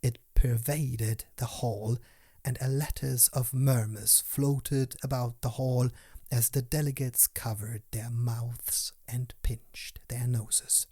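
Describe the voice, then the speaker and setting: Slow, hushed male storybook narrator. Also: medium pitch, slightly rough. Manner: hushed, often whispered delivery. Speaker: audiobook narrator.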